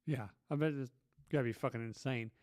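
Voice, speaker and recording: A man's voice: medium pitch, brisk, darkish tone, no echo, clean studio sound. A man hosting a podcast, asking short follow-up questions in casual chat. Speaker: podcast host.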